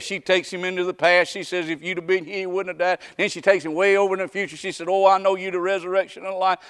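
Male preacher, high bright tenor, homespun sermon with shouted peaks. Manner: folksy Southern preaching, rising to shouts.

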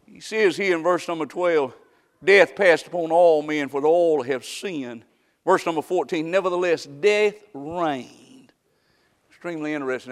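A high-pitched male preacher delivers a dramatic sermon. He jumps from loud, mocking exclamations to hushed, drawn-out lines. His voice rings with the long reverb of a church hall. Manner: dramatic, swings from shouting to hushed, mocking asides.

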